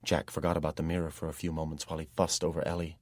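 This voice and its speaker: A man reading a dark fantasy audiobook in steady, measured first-person narration, recorded on a close microphone. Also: very deep voice, dry recording.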